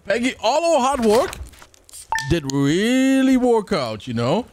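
A man's voice: very high-pitched, very animated, takes it slowly, background noise. A man giving casual let's play commentary, chatting to the game characters as he plays. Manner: chatty, talks to game characters, hums and sings. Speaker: gamer. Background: game music.

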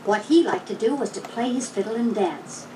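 A woman reads a children's storybook aloud, measured and gently expressive, her voice fairly high and very lively in pitch. She sounds set back from the microphone, and a hiss runs clearly through the old recording. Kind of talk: storybook read-along narration. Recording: noisy, distant old record.

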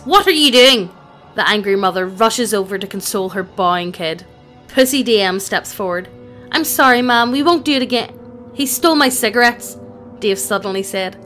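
Text-to-speech woman narrating a gaming story. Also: medium pitch. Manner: even text-to-speech reading without fillers. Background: faint background music.

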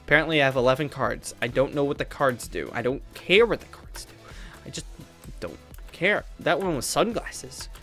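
A man's voice: medium pitch, expressive, normal speed, fairly bright tone. A young man commenting on his own gameplay, muttering to himself and breaking into frustrated outbursts. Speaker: gaming youtuber. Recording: faint game music behind.

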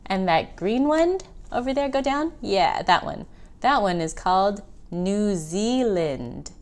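A woman tutor giving a children's geography lesson, patiently correcting pronunciation slowly and clearly. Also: mid-range voice, lively intonation, a little mellow.

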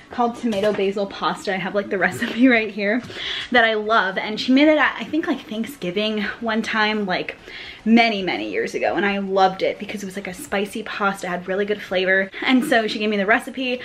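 A woman's voice: fairly high pitch, a bit bright, a little hiss or hum. A woman in her twenties chatting casually in a day-in-my-life vlog, rambling with lots of "like" fillers and sounding a little out of breath, filmed in her kitchen at home. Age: 20s. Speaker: vlogger.

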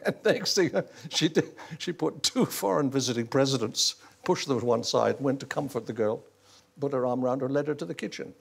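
A man's voice: medium pitch, brisk, vocal fry, slightly rough. An older man telling wry stories as a talk show guest, chuckling through them. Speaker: interview guest. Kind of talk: anecdotal storytelling in a talk show interview. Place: television studio.

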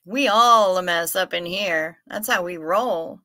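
A woman's voice: fairly low pitch, pushed and bright. A woman hosting a casual livestream, reading viewers' comments aloud and teasing them playfully, often laughing and trailing off mid-thought. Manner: trails off and restarts, unhurried. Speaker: livestream host.

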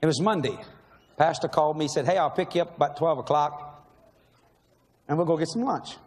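A middle-aged man, telling a story in a sermon with animated energy, laughing and shouting at the peaks. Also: fairly high pitch, a little fast. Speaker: preacher. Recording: long reverb in a large hall, faint noise.

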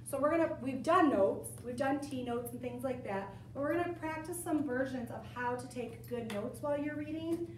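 Casting: high-voiced young woman teacher, chatty and animated, in an echoey classroom caught from a distance. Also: slight background noise. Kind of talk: classroom lesson to students. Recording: echoey room, camera from far off.

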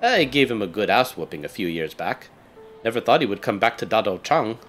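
A man's voice: fairly low pitch, big pitch swings, a little fast, a bit bright, soft background music. A man voicing a bold heroic male outlaw in a game, cool and commanding. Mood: confident.

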